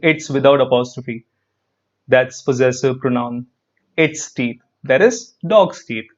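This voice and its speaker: A man with an Indian English accent teaching an online grammar class, lively and repetitive, quizzing his students as he goes. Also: mid-range voice, slow, highs cut off. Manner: lively, repeats phrases, quizzes students, frequent "perfect".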